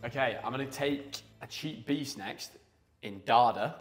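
A man's voice: mid-range voice, measured pace, soft background music. A young man playing a football video game, cheeky and boastful as he trades jabs with friends. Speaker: gaming video presenter. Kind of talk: casual banter over video games. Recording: echoey room.

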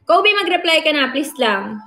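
A woman's voice: sits high, big pitch swings, normal speed, sharp tone. A woman with a Filipino accent hosting a casual livestream, chatting bubbly in mixed English and Tagalog and calling out thanks to viewers. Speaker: livestream host. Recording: roomy sound with faint music.

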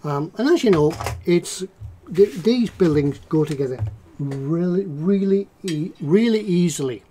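A man's voice: fairly high pitch, expressive, a little slow, dark tone, a little hiss or hum. A man hosting a casual livestream about model making, chatting in a rambling, jokey way. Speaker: livestream host, model maker.

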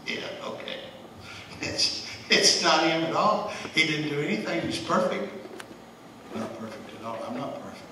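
Brief: folksy Bible study teacher, man, bright forceful voice, recorded from a distance. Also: fairly high pitch, very animated, measured pace, pauses often. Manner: folksy, conversational, chuckles often. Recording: echoey room, distant mic, faint hiss.

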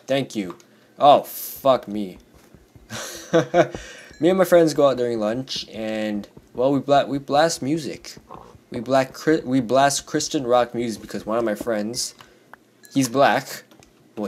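A teenage boy with a hoarse, worn-out voice, rambling casually through a game commentary and jumping into yelps whenever something scares him. Keyboard typing clicks in the background as he plays. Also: medium pitch, a little mellow. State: hoarse from screaming. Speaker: gaming YouTuber. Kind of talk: Minecraft let's play commentary.

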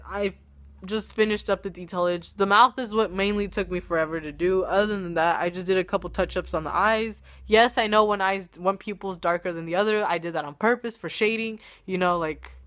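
A young adult woman speaks in a fairly bright, medium-pitched voice, recording a chatty, self-mocking vlog on a webcam or phone camera. Illness has left her voice worn, and it comes and goes as she talks.

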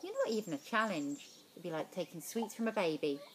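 A woman voicing a mocking teenage boy bully in a storybook read-aloud, with a slow, taunting drawl. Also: on the low side, expressive, slight background noise, lightly acted. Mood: sneering.

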